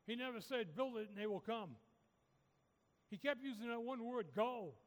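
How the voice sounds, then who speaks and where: A man's voice: very high voice, normal speed, long reverb tail. A man preaching a sermon, urging his listeners with repeated, rising calls. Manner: repetitive, rising exhortation.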